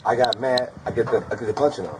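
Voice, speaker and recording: A man being questioned, giving a rapid, rambling account and repeating "bro" constantly. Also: mid-range voice, background noise. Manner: rapid, repetitive, keeps saying bro. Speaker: interrogated suspect.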